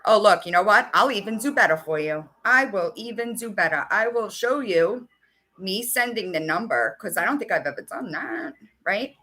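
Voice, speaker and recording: Woman host, bright forceful voice, casual swearing livestream chat, talks while scrolling her phone. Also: mid-range voice, expressive, normal speed. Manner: chatty, swears, reads out messages while searching her phone.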